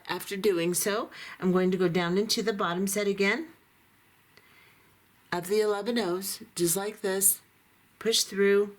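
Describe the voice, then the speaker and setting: A woman giving a calm, methodical beading tutorial, talking through each step as she works, her voice a little hoarse. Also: medium pitch. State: voice going hoarse. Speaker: beading instructor.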